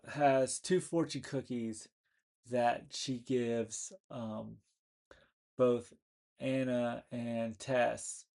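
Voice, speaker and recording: A man's voice: medium pitch, gravelly, dark tone. A man hosting a casual movie talk, recapping scenes in a rambling way with many restarts and fillers. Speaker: movie review host.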